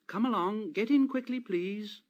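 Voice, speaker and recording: A man's voice: sits high, a little slow, highs cut off, voice pushed up. A man voicing a cheerful small steam engine in a storybook reading, chanting in rhythm with puffing sounds. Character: cheerful small old tank engine, eager and proud.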